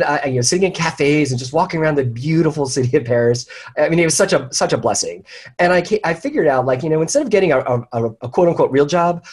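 A man's voice: on the high side, breathy edge. A man telling stories as a guest on an interview show, chatty and full of restarts. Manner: chatty storyteller with many restarts. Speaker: guest, leadership consultant. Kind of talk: casual interview talk.

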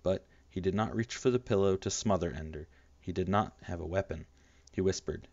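A man narrating an audiobook in a steady, measured reading. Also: sits low, dry recording, lo-fi sound.

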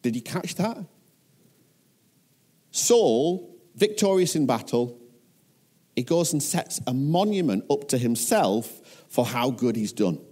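English male pastor, dark mellow tone, animated sermon storyteller. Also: mid-range voice, slow pace, long pauses. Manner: animated storytelling, acting out scripture voices.

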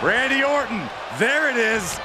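Very high-voiced dramatic wrestling commentator. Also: male voice, animated, measured pace, background noise. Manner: dramatic, emphatic reactions. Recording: loud arena crowd over commentary. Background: roaring arena crowd.

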